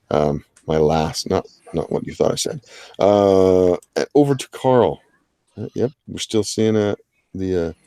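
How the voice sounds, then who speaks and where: A man's voice: deep voice, a little mellow, dry recording. A man hosting a live drawing-challenge stream, chatting casually with plenty of filler and joking asides. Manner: rambling, filler-heavy, jokey asides. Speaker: livestream host of a drawing challenge. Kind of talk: casual livestream commentary.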